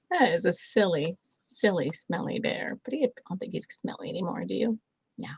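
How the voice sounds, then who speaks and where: An older woman reading a picture book aloud to her grandchildren, gentle and chatty, with lots of little asides. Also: on the low side, expressive, normal speed, gravelly, breathy edge, dry recording, poor audio.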